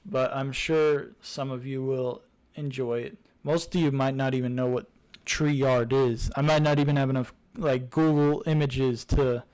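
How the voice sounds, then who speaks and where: A man's voice: mid-range voice, steady tone, normal speed, hardly any pauses, darkish tone, clean tone, low-quality recording. A young man casually reviewing a game series, rambling with many fillers and restarts. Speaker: YouTuber reviewing games.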